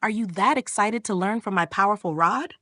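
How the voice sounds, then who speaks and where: A woman's voice: medium pitch, brisk, sharp tone, no echo, studio quality. A woman voicing a cocky young man who smirks and teases his sister, in a smug, teasing tone.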